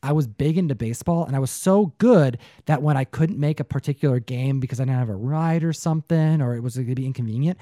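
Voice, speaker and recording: A young man co-hosting a casual chat, telling stories in an animated way, often slipping into put-on voices and saying "dude" a lot. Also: medium pitch, fast, hardly any pauses, no echo, studio quality. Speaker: podcast co-host.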